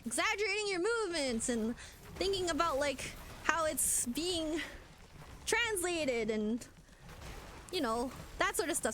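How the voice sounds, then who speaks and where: High, lively young woman streamer. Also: measured pace, a little hiss or hum. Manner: animated, chatty, many fillers. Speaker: VTuber streamer. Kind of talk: casual live-stream rant.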